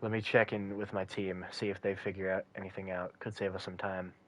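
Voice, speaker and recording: A man voicing a gruff, weary adult male detective in a low, calm, tired voice with a measured, dry delivery. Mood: brisk.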